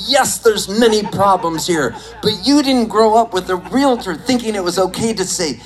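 A man in his sixties from Southern California, telling animated, laughing, profane stories from his childhood in a casual way. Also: high voice, normal speed, few pauses, low-quality recording. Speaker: storyteller. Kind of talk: casual storytelling.

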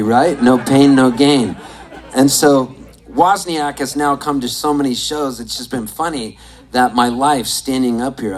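Excitable on-stage storyteller. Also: mid-range voice, poor audio. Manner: excitable, rambling anecdote with bursts of laughter. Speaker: comedian and musician on stage. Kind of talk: stand-up storytelling. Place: on stage at a desert venue.

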